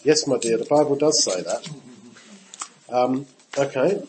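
A man's voice: medium pitch, unhurried, slight background noise, rough recording. A man teaching the Bible in a conversational sermon. He talks straight to his listeners and acts out the quotes he reads. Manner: animated, acts out quotes with shifting voice, talks to his audience directly. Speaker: preacher.

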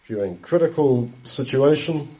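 Male preacher, dark mellow tone, steady explanatory sermon delivery. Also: mid-range voice, low-quality recording. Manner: unhurried, explanatory, quotes scripture often. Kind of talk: Bible teaching talk.

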